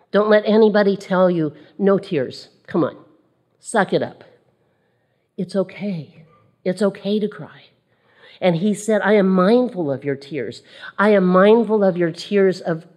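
A woman's voice: medium pitch, a little mellow. A woman preaching a sermon to women, reading scripture and repeating key phrases for emphasis. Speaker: women's ministry speaker.

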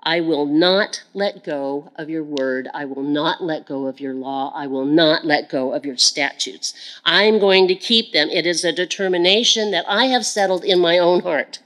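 A woman preaches a sermon in a somewhat low voice, earnest and sincere. She breaks into direct prayer to God, saying key phrases again and again to drive them home. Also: moderate pace, fairly bright tone, low-quality recording. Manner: repeats phrases for emphasis. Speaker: Bible teacher.

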